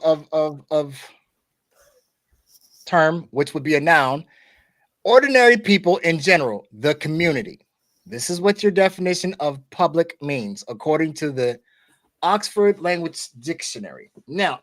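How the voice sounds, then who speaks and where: A man from the United States hosting a podcast in a loose, conversational way, with many restarts and "okay?" asides. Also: fairly high pitch. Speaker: podcast host. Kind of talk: casual podcast discussion.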